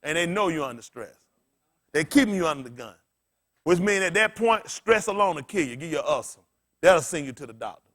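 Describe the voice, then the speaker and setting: A man's voice: a little high, lively intonation, fairly quick, a bit bright. A man pastor delivering an impassioned sermon in colloquial, conversational preaching talk that builds into emphatic outbursts. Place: congregation gathering.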